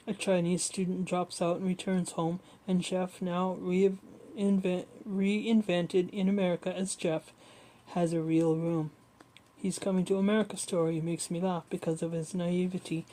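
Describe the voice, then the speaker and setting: A woman reads a memoir aloud at home in a level, even tone, her voice sitting a little low and sounding mellow. She reads steadily but often trips over a word and goes back to fix it. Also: normal speed, rough recording. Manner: steady reading with frequent slips and self-corrections. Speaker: audiobook reader.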